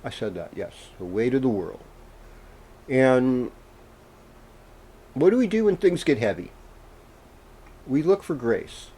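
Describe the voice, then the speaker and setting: A man reading horoscopes as the host, in a casual, meandering way with gentle pauses and fillers. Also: medium pitch, big pitch swings, slightly rough. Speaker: astrologer host.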